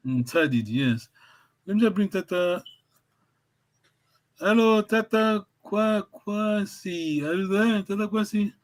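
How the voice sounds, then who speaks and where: A man teaching a language class, encouraging his students and praising them often, with halting phrases that he repeats and restarts. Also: sits high.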